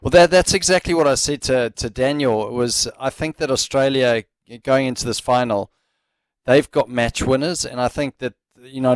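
A man's voice: medium pitch, no room sound. Jokey male sports talk host, dry sound.

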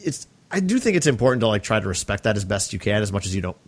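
Laid-back guy on a podcast, lower voice, chill and thoughtful. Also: very animated, rapid-fire. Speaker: podcast co-host. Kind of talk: casual chat.

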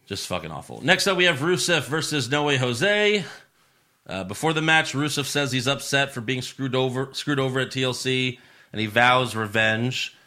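A man hosting a casual podcast chat among friends. His voice is bright and forceful, and his manner is loose and sarcastic, with frequent swearing. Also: medium pitch, lively intonation, moderate pace. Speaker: podcast host.

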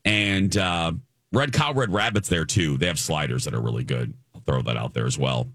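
A man's voice: rumbling low, normal speed, fairly bright tone, dry recording, studio quality. A man from the Chicago area co-hosting a radio show, chatting with enthusiasm and often restarting his sentences. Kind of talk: casual chat.

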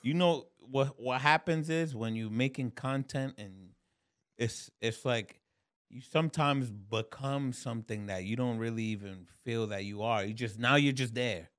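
A man's voice: mid-range voice, measured pace, fairly bright tone, dry recording, studio quality. Laid-back man saying bro a lot. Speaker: podcast guest. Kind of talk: casual chat.

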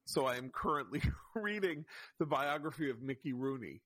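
A man's voice: mid-range voice, lively intonation, moderate pace, a bit bright, no echo. A man co-hosting a casual podcast chat, rambling through his thoughts and laughing easily. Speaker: podcast co-host.

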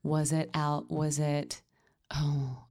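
A woman's voice: deep voice, little pitch movement, slow pace, a little mellow. A woman from the American South co-hosting a casual movie podcast, rambling and restarting her sentences. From Southern United States. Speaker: podcast co-host. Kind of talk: casual movie-review chat.

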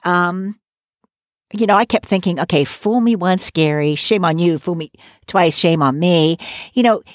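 A woman's voice: on the low side, no room sound, clean studio sound. A woman co-hosting a podcast, chatting casually and giving emphatic, opinionated takes with frequent asides. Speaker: podcast co-host. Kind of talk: casual recap chat.

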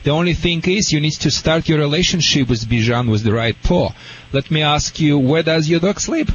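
A man's voice: fairly high pitch, animated, normal speed. A man from Russia with a Russian accent, giving dog advice on a radio call-in show, hesitant with stammered restarts and a playful tone. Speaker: dog trainer guest expert. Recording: slightly dull radio sound with faint hiss.

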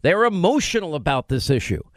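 A man's voice: fairly high pitch, brisk, no room sound, studio quality. A man in his fifties hosting a radio talk show, chatting casually and cutting in with quips. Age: 50s. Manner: animated, interrupting, quips.

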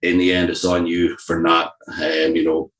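Low-voiced wrestler guy, middle-aged, telling his comeback story all candid, roomy echo around him. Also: normal speed. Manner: candid, animated storyteller who quotes himself. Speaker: professional wrestler. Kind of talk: casual interview storytelling. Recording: echoey room.

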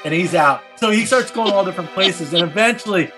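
Casual high-pitched male storyteller, profane and rambling, music under the talk. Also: expressive, brisk. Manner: rambling and profane, heavy use of filler phrases and slang. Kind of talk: casual retelling of a comic book story.

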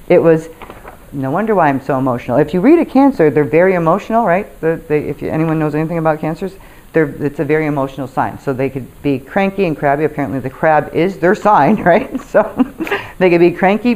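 A woman with a lowish voice that swings widely up and down as she tells her stories. She talks in a casual, animated monologue, laughing often and swearing without a second thought. She sounds like a self-help speaker talking straight to her audience. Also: a little fast, poor audio.

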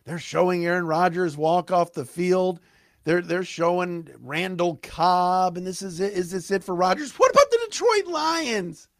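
A man hosting a sports podcast, ranting excitedly with stumbling restarts, his voice cracking. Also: high-pitched, dry recording, clean studio sound. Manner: fired-up, rapid, stumbling restarts.

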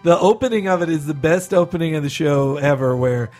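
Animated laughing man in casual chat. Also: a little high, fairly quick, faint music behind. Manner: laughs often, animated retelling.

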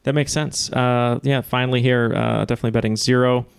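A man co-hosting a podcast game, joking in a hesitant, halting way. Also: mid-range voice, level tone, gravelly, clear, resonant tone, dry recording. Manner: hesitant, halting, laughing at his own jokes. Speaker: podcast co-host. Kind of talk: casual podcast banter.

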